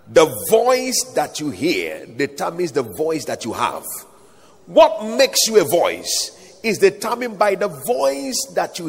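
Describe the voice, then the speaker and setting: A man's voice: on the high side, gravelly, a little hiss or hum. A man preaching a sermon with emphatic delivery, calling out for the congregation to respond. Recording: echoey hall, voice at times off-mic.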